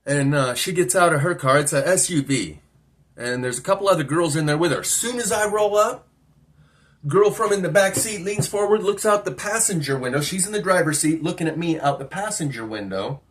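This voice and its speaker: A man's voice: a little high, expressive, brisk, fairly bright tone. A man telling a personal story in a rambling, musing monologue, often asking himself questions. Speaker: vlogger.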